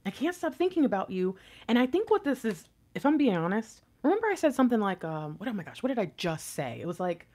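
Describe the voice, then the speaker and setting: A woman's voice: a little high, very animated, fast, few pauses, a little mellow. A woman giving a casual tarot reading to camera, chatty and rambling, giggling often and swearing casually. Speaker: tarot reader.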